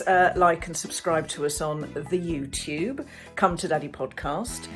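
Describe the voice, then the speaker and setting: A woman, the podcast's producer, recording at home and doing a playful, self-mocking warm-up segment. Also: on the low side. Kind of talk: casual scripted warm-up.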